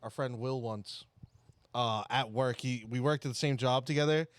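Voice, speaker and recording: An easygoing young man in casual podcast chat, with a close, dry sound and a plain mid pitch. He drops deadpan jokes into the conversation. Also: moderate pace, clean tone, dry recording. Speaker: podcast co-host.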